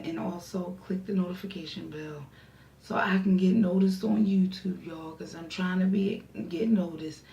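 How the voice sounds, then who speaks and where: A young woman vlogger telling a casual story, animated and acting out her friends' voices. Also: on the low side. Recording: roomy echo, distant mic.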